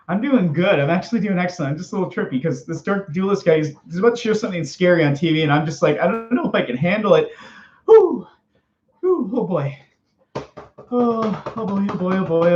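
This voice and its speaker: A man's voice: sits high, expressive, brisk, darkish tone. Morty, a man doing a stammering jittery teen boy. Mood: scared. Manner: stammering, repeating "oh geez" and "oh boy". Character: nervous stammering fifteen-year-old boy Morty. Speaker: livestream host. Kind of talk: live-stream character chat. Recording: echoey room, dull lo-fi sound.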